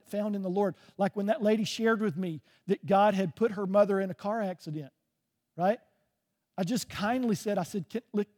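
A man's voice: high-pitched, a little mellow, husky. A man preaching a sermon as pastor, conversational, often checking in with "right?".

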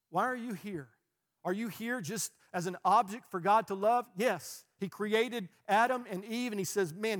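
A man, preaching a sermon as pastor, earnest and rising into fast, passionate bursts. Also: high-pitched.

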